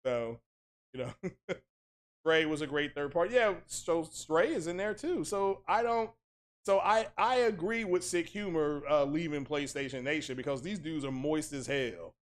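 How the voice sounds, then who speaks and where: A man hosting a gaming livestream, ranting in an animated, mocking way and talking to his chat. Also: on the high side, normal speed. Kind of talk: casual livestream rant.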